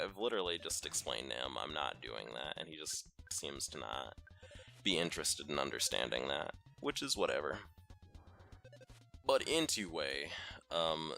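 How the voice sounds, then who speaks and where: Super deep hoarse guy doing let's play commentary, gravelly and kinda bright edge, rambling chatty. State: hoarse from a cold. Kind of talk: casual gaming commentary.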